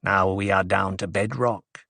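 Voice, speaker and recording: A man's voice: steady tone, a little slow, gravelly, bright, forceful tone, no echo, heavily acted. A man voicing a spiteful, scheming male dwarf with a whining voice and taunting chortles, read as an audiobook character. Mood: menacing. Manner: chortling, taunting, sudden high squeals.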